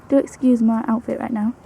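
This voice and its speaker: A young woman tells her pet's story in a casual home vlog. Her voice sits a little high yet mellow and dark in tone, with a gravelly fry. She talks fondly and coos softly to her rabbit between stories. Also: low-quality recording. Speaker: pet vlogger.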